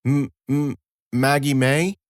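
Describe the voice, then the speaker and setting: A man's voice: medium pitch, fairly even intonation, no echo, clean studio sound, pitched above the performer's own voice, lightly acted. A man voicing a frightened, wild young girl who stammers and halts over her words. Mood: fearful. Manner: halting, stammering.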